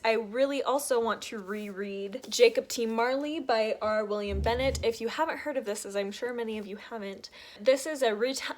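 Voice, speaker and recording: A young woman with a somewhat high voice chats to camera about her reading plans as a book vlogger. She sounds casual, chatty and enthusiastic.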